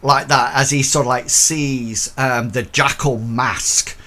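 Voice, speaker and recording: A man's voice: medium pitch, fairly even intonation, slow pace, bright, forceful tone. A man narrating as game master, hesitant and full of fillers.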